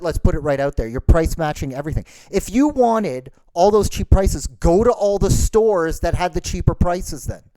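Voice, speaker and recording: A man's voice: fairly high pitch, dark tone, no echo. A man hosting a podcast, ranting in an exasperated, sarcastic way. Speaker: podcast host. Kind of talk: ranting monologue.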